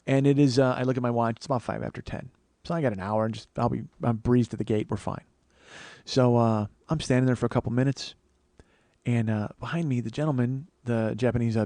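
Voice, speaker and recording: A man's voice: medium pitch, a little mellow, no room sound. A man hosting a comedy podcast, telling a rambling, profane story with sarcastic asides. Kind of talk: casual storytelling monologue.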